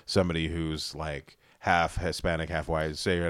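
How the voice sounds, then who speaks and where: A man's voice: extremely low pitch, flat delivery, moderate pace, no echo, studio quality. A man on a podcast, chatting casually and joking, with frequent swearing and "dude.". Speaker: podcast co-host. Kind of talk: casual chat.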